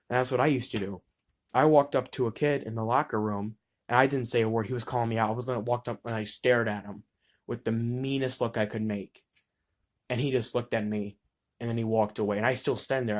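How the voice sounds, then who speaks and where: A man's voice: mid-range voice, fairly even intonation, fairly quick. A teenage boy speaking in a mid-range voice, talking bluntly and with heat in a personal monologue to camera. He swears freely and often breaks off mid-word to restart. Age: teens. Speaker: student vlogger.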